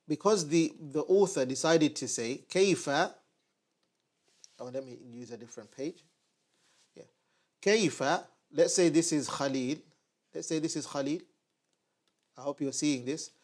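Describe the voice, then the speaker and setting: Man, teacher, fairly high voice, online whiteboard lesson, patient, repeats slowly. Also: a little mellow. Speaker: Arabic teacher.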